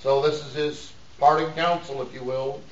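A man's voice: a little high, steady tone, moderate pace. A middle-aged man preaching a sermon in a folksy, joking way, laughing often between points. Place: church. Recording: echoey dull room sound from a distance.

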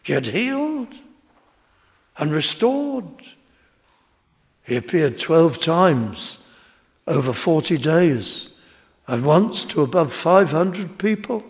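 A man's voice: a little high, big pitch swings, takes it slowly, long pauses. A man preaching a sermon, emphatic and building in intensity as he speaks. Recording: long reverb of a large hall.

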